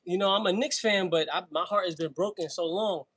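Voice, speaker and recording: Casting: slangy New York man in his thirties, husky, a bit higher-pitched, loose livestream banter. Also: a little fast, a bit bright, poor audio. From Brooklyn, New York. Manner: slangy, laughing, chatty between sets. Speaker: fitness livestream host. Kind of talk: casual livestream chat while working out.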